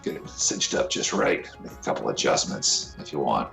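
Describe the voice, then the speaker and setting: Man doing a gruff low dwarf smith. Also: big pitch swings, moderate pace, fairly bright tone, roomy sound, soft background music, heavily acted. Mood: haggling. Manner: gruff and haggling. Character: gruff grumpy male dwarf armorsmith.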